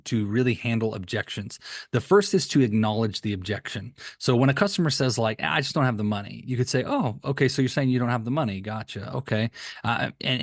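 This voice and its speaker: A man's voice: medium pitch, no room sound. Male sales coach, casual talk, repeats himself, acts out lines; dry close sound. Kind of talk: conversational teaching with screen share.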